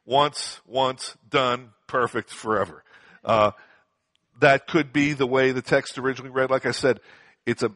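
Male Bible teacher, mid-pitched, conversational, emphatic repetitions, dry close sound. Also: a bit bright, no echo. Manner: conversational, repeats words for emphasis; frequent fillers and rhetorical questions.

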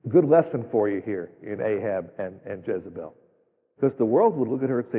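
Folksy, emphatic male preacher, husky, heard through a long church echo. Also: mid-range voice, lively intonation, brisk. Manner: folksy, emphatic, rhetorical questions. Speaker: pastor. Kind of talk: sermon. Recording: tinny phone-like sound, long hall reverb.

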